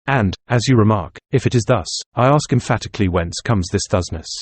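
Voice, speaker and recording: Guy voicing a fussy tittering student, pompous and pedantic, low husky voice. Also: fairly quick, dry recording. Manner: mannered, precise, pedantic phrasing. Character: nervous, tittering squat male student, pompous.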